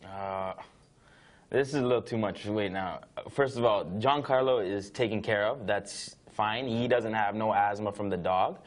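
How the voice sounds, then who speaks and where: A man's voice: fairly low pitch, measured pace, lightly acted. A man playing a defensive, exasperated patient in a training video, pushing back on his counselor. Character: defensive male asthma patient, dog owner.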